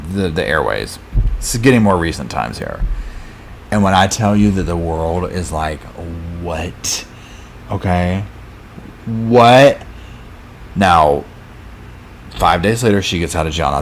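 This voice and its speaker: A man's voice: sits low, slight background noise. A man hosting a live true crime chat, retelling a case casually with lots of fillers and acted-out quotes. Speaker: true crime channel host. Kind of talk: live chat recap of a docuseries.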